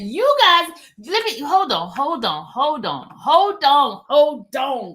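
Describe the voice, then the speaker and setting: A woman's voice: high voice, very animated, normal speed, hardly any pauses, a bit bright. A woman hosting a casual livestream chat, teasing and repeating herself as she reads out viewer comments. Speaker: livestream host.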